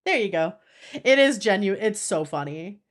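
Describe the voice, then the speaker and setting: A woman's voice: medium pitch, animated, moderate pace. A young woman streamer chatting casually with her viewers, gushing and giggling, with lots of "like" in her speech. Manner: giggly, breaks into laughter. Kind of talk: casual chat with live viewers.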